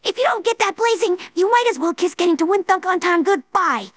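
Rainbow Dash, a man doing a cocky high-pitched young mare. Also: lively intonation, fairly quick, fairly bright tone, dry recording, clean studio sound. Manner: brash, teasing.

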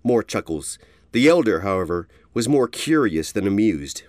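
A man giving an expressive storybook narration. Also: lowish voice, normal speed, no echo, clean studio sound.

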